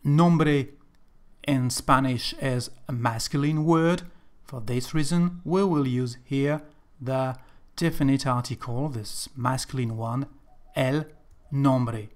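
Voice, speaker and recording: Slow-paced male language teacher. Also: medium pitch. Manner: slow, careful explaining, slightly non-native English phrasing. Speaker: Spanish teacher. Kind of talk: language lesson narration.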